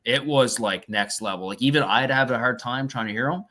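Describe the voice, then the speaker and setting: Man, Newfoundland accent, podcast guest, casual storytelling, laughs a lot, swears, bright voice. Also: medium pitch, brisk. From Newfoundland, Canada. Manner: chatty storyteller, laughs often, swears freely. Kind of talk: casual chat.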